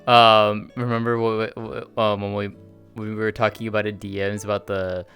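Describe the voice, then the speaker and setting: Role-play player, casual chat, animated storyteller, acts out quotes, laughs a lot, mid pitch, headset mic, faint guitar music. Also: normal speed, smooth.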